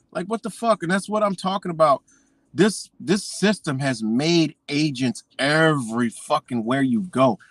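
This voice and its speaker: A man in a heated, rambling live-stream rant, his talk full of swearing. His voice sits fairly high for a man. The sound is close and dry, with no room echo.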